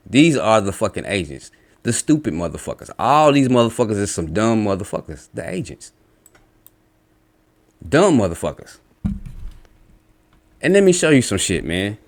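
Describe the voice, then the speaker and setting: A man delivers a combative, profanity-laced rant, reading out comments and lecturing his listeners. His pitch rises and falls in lively swings. He is blunt and relentless. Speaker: religious commentator. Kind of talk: angry reaction rant.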